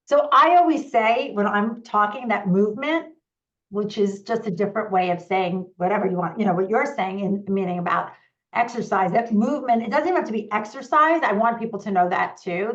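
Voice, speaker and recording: A woman hosting a live online conversation as a parenting coach, upbeat and eager, rattling off points in quick runs. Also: medium pitch, highs cut off.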